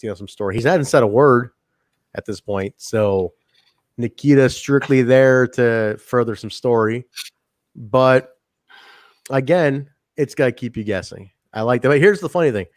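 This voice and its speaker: A man's voice: mid-range voice, dry recording, studio quality. A man co-hosting a casual wrestling review show, talking animatedly, laughing often and acting out quotes. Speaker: podcast co-host. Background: live chat audience.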